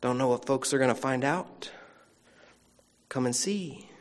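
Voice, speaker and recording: A man's voice: medium pitch, unhurried. A man preaching a sermon as pastor, folksy and conversational, with playful asides, heard in a church sanctuary. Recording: long reverb of a church sanctuary.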